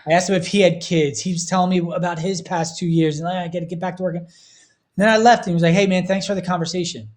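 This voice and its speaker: A man's voice: high voice, steady tone, quick pace. A man in his thirties talking earnestly and emotionally on a casual podcast. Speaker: podcast host.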